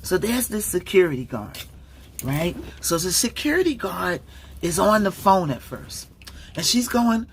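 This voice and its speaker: A woman's voice: lowish voice, sing-song, measured pace, a little hiss or hum. A woman commenting casually on a livestream, rambling and distracted, with many fillers and restarts.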